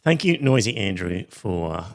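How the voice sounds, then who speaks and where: A middle-aged Australian man hosting a podcast in casual chat, rambling and reading listener messages with many pauses and ums. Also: low-pitched, very animated. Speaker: podcast host.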